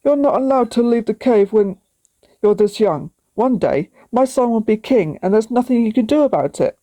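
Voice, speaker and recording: A woman's voice: fairly high pitch, lively intonation, moderate pace, warm tone, lightly acted, poor audio. A woman voicing a cold dragon queen stepmother who snarls and scolds in a storybook. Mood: harsh. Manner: snarling, stern.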